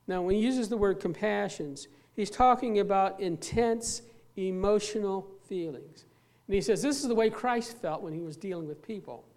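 Pastor preaching, earnest and emphatic, mid pitch, drags out key words, repeats bits. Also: normal speed, darkish tone. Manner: repeats and restarts phrases while preaching. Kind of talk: sermon.

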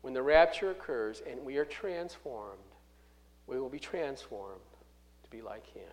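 This medium-pitched male voice delivers a sermon, reading passages of scripture and then explaining them. Key phrases come out slower, and his volume rises and falls sharply throughout.

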